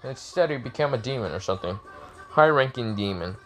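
A man's voice: medium pitch, lively intonation, brisk, fairly bright tone, lightly acted. A man voicing a blunt, irritable male death god who talks in an offhand, profane way in a casually told fan story.

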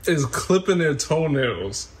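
Lively, animated young man. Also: fairly high pitch, slow pace, slight background noise. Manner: excitable, jokey. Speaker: co-host of a reaction channel. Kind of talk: casual reaction chat.

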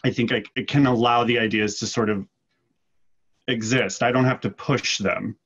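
A man acting student reflecting on his own work, halting and thoughtful. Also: medium pitch, fairly even intonation, a bit bright, slightly rough, dull audio. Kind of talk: reflective class discussion.

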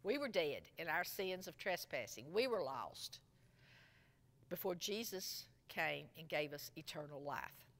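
A woman teaching a Sunday school lesson, retelling a parable in an expressive storytelling way. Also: sits low, a little slow. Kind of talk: Bible lesson. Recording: long echo from a large room.

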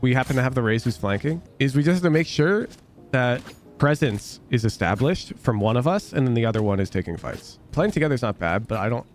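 A man's voice: mid-range voice, animated, brisk, soft background music. Blunt, sarcastic male game coach. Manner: blunt, emphatic, repeats phrases for sarcastic effect; casual, swears freely. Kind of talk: coaching commentary over gameplay review.

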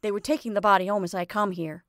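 A woman's voice: medium pitch, steady tone, fast talker, fairly bright tone, no echo, clean studio sound, lightly acted. A woman reading a story aloud, voicing a male delivery man who relishes telling bad news. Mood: relishing. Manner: chatty, relishing.

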